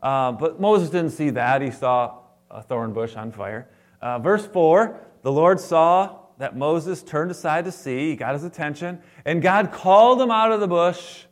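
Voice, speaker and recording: A man preaching a sermon as a pastor to his congregation, animated and playful, acting out the lines he quotes. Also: fairly high pitch, unhurried.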